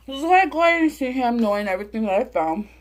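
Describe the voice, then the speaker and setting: A woman's voice: on the high side, fast. A young woman, telling a profane story to camera and acting out the quoted voices. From Southern California. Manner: profane, animated, acts out quotes. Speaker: mukbang vlogger.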